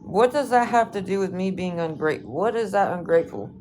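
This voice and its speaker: A woman's voice: medium pitch, a little fast, darkish tone, slight background noise. A woman chatting casually on a livestream, brushing off trolls with a laid-back, dismissive, swear-heavy manner.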